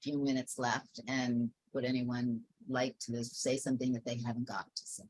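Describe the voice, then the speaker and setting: A woman hosting an online discussion webinar, telling stories in a lively, laughing way over a video call. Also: extremely low pitch, moderate pace, poor audio. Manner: animated, laughing storyteller. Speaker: webinar host. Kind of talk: casual group discussion.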